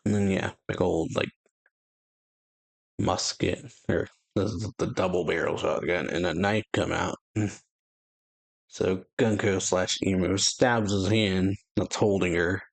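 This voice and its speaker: Man reacting to a comic chapter, low voice, gravelly fry, lots of filler words, halting. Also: fairly even intonation, no echo. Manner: halting, filler-heavy retelling. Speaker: channel host.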